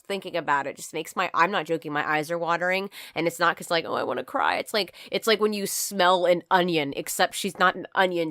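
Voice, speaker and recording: Bright, sharp-voiced woman vlogger. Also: mid-range voice, no room sound, studio quality. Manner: candid, profane, animated storytelling. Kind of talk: storytime vlog.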